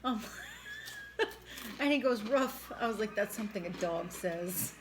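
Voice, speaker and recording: A woman's voice: mid-range voice, measured pace, slight background noise. A woman from New York with a New York accent, chatting casually and laughing on a mukbang stream, teasing and mimicking how friends talk. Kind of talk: casual chat while eating.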